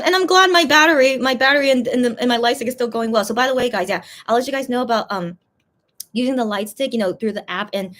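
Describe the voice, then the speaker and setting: A young woman with a somewhat high voice chats casually on a livestream, reading out fan messages. She rambles and stops and restarts often, full of fillers. She sounds emotional, close to tears.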